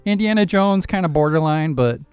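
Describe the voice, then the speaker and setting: A young man co-hosting a casual movie podcast, opinionated and quick to laugh. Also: fairly high pitch, expressive, darkish tone, clean tone, dry recording. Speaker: podcast co-host.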